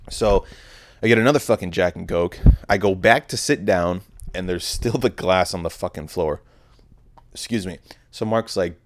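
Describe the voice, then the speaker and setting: A young man hosts a podcast, telling a rambling, profane story about a night out in a casual monologue. His voice sits on the low side and his pace is moderate.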